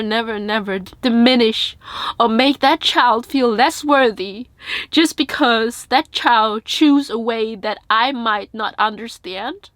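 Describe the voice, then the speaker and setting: Tearful high-voiced woman, slow and earnest. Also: fairly bright tone, dry recording. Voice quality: earnest, heartfelt. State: tearful, crying. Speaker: vlogger. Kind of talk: personal storytime vlog.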